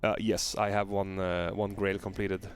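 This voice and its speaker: A man streaming a video game, chatting casually with viewers and answering their questions with relaxed filler pauses. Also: sits low, a crowd in the background.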